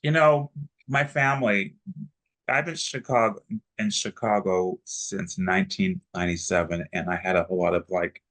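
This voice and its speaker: A man with a stutter, chatting as an interview guest in halting sentences with many restarts. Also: low voice, steady tone, a bit bright, rough recording. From Texas, United States. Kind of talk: casual interview chat.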